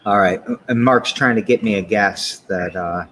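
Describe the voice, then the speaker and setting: A man hosting a daily talk show, speaking in a relaxed way and making announcements and sign-offs. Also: on the low side, normal speed, a little hiss or hum. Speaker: host. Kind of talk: casual chat.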